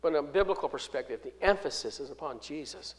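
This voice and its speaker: A man with a high, tenor voice delivers a sermon. He is emphatic, swinging between loud declarations and soft asides. He slows down to stress key phrases as he reads verses and explains them. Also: lively intonation. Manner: reads scripture aloud and explains it. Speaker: preacher.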